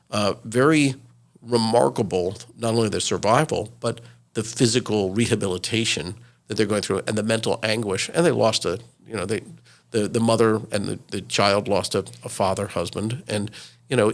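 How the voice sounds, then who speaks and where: Casting: gravelly sixties man, retired reporter, animated storyteller with plenty of "you know" and "uh". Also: lowish voice. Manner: lively anecdotal storyteller, frequent fillers. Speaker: retired TV news correspondent, guest. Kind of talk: interview storytelling.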